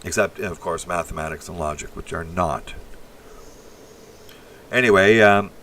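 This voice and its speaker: A man's voice: sits low, a little slow, fairly bright tone, recorded from a distance, slight background noise. A man from Canada hosting a casual livestream, rambling bluntly and crudely as he reacts to chat messages. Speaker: livestream host. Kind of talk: casual live-stream chat.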